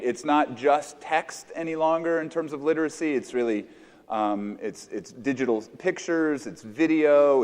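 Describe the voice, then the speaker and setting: An American man presenting at a teachers' conference in a casual, interactive way, repeating audience answers back and restarting sentences often. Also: medium pitch. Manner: conversational, echoes audience answers, many restarts. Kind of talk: interactive workshop talk with teachers.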